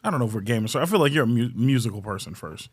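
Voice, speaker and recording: Racing along in a husky, expressive, medium-pitched voice, a male comedy podcast host keeps the talk casual. He launches into loose rants laced with cursing and jokes.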